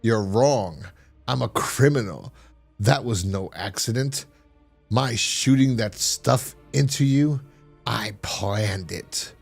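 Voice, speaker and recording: A man playing a scheming male scientist who coldly confesses to betraying his friend, in a slow, smug, menacing voice. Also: fairly low pitch, animated, vocal fry, husky, soft background music, full character voice. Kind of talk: acting out comic dialogue.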